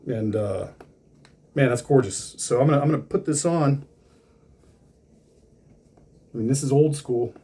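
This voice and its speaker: A man's voice: mid-range voice, unhurried, long pauses, warm tone, slightly rough. A man casually talking through an unboxing of hats, rambling with lots of fillers and restarts.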